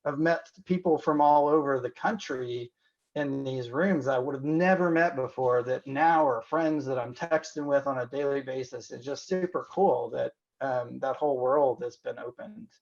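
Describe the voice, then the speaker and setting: A man's voice: medium pitch, normal speed, gravelly, lo-fi sound. A man from Indiana, a physician guest on a podcast, speaking candidly and reflectively with frequent "you know" and restarts. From Indiana, USA. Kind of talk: candid conversational interview.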